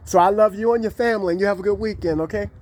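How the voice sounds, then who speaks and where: A vlogger with a high, darkish voice talks very fast to camera outdoors. His casual talk is rambling and encouraging, with many fillers.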